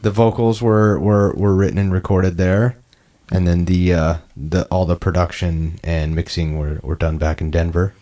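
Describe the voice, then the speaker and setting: Deep-voiced halting man, podcast guest. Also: little pitch movement, warm tone. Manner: halting, stammers with many fillers. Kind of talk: casual chat.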